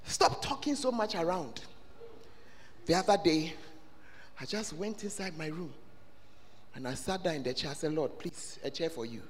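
A man preaching a sermon in a church, swelling into loud, sing-song shouting. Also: high-pitched. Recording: long reverb of a church hall.

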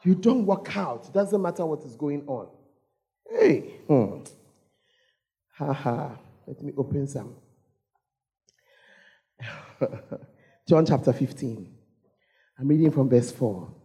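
Ghanaian lady preacher, husky voice, pitch jumping all over, keeps calling out to the crowd. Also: slow pace, long pauses. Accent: Ghanaian English. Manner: animated, calls out to the congregation, repeats phrases. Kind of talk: lively storytelling sermon.

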